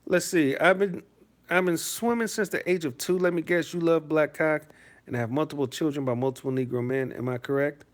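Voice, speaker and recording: A man's voice: a little high, a little fast. A man from Detroit hosting a live stream, reading out chat messages and answering them in a rambling, profane, mocking way. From Detroit, USA.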